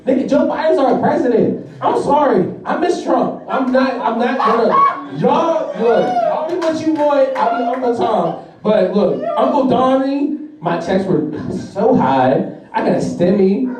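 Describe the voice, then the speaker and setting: A man's voice: very high-pitched, sing-song, measured pace, few pauses, over a noisy crowd. A young man performing a profane, laughing stand-up comedy routine. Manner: brash, profane, laughing through jokes. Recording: echoey room from far off.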